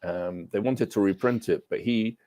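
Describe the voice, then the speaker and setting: A man's voice: lowish voice, moderate pace, warm tone. A man co-hosting a casual comics podcast, talking loosely with many fillers. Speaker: podcast co-host.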